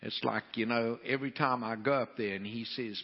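A man preaching to a crowd of preachers, telling a folksy, animated story full of restarts. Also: mid-range voice, fast, slightly rough, in a large hall, lo-fi sound.

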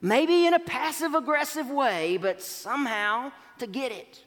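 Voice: high-pitched, a little slow, fairly bright tone. A pastor preaching a sermon, telling a parable and acting out its voices, in a church sanctuary. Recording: long hall reverb.

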